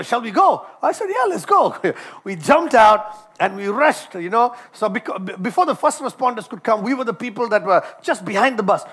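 A man's voice: sits high, fairly bright tone. A man who is a doctor preaches a sermon, telling a personal story and often repeating words and restarting phrases.

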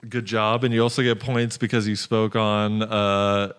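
A man's voice: fairly low pitch, level tone, a little slow, noisy background. A man hosting a casual podcast, rambling with lots of ums and uhs. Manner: rambling, many fillers and restarts. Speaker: podcast host. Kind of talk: casual chat.

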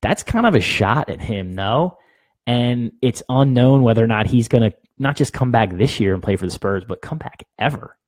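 A man's voice: medium pitch, animated, normal speed, dry recording. A young man hosting a sports podcast, giving blunt, opinionated takes in casual talk and laughing at his own jokes.

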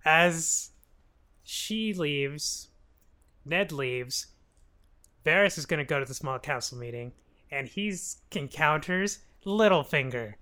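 A man co-hosting a podcast, recapping a TV show in casual chat, laughing often and acting out characters in quick quoted lines. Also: fairly high pitch, lively intonation, pushed and bright. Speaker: podcast co-host.

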